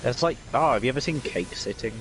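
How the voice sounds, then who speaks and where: A man's voice: medium pitch, lively intonation, quick pace, a little hiss or hum. A man co-hosting a casual gaming stream, rambling through explanations with filler words. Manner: rambling explainer, says "heckin'". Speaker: streamer co-host.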